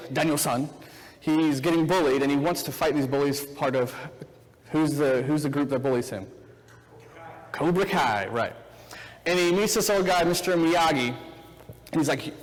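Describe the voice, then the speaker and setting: A man in his thirties giving a casual, chatty sermon, retelling a film scene with acted-out quotes before turning to scripture. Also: on the high side. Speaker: preacher. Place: church hall. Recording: reverberant church hall.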